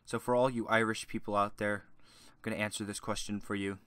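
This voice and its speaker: Young male YouTuber, crude rambling monologue, bright voice, dry close mic. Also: fairly low pitch, flat delivery, a little fast, smooth, no echo. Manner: crude, rambling, shifts between shouting rants and mumbling. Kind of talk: joke Q&A monologue.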